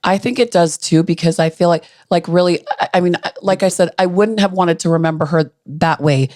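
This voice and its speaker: A middle-aged woman, a grieving mother, recalling a painful day in halting, earnest speech with frequent restarts. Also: fairly low pitch, a little mellow, no echo, studio quality. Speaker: grieving mother, podcast guest. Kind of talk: emotional personal recollection.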